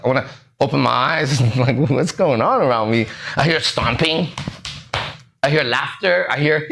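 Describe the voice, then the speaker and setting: A man's voice: mid-range voice, measured pace, gravelly, a bit bright. A man hosting a podcast, telling a story in a casual, profane way and acting out the other people's voices. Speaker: podcast host.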